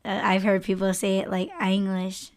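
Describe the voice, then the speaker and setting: A young woman hosting a podcast in casual chat, telling animated stories and acting out what other people said. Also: medium pitch, normal speed, smooth. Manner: animated storytelling, frequent laughter, acts out others' lines. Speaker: podcast host.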